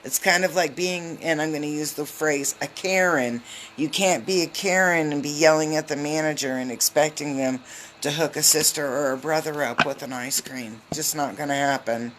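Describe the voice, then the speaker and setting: A woman giving a casual live tarot reading on a phone, chatty and loose, with lots of filler ums and quick hellos to her viewers. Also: deep voice, steady tone, fairly bright tone, a little hiss or hum. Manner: greets viewers mid-reading. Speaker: tarot reader.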